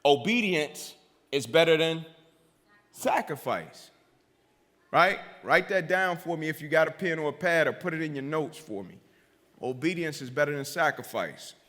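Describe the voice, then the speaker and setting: A man's voice: on the high side, brisk, bright, forceful tone. A male motivational speaker giving a keynote speech in a preacherly way, repeating lines for emphasis and checking in with the crowd. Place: large hall. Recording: hall reverb.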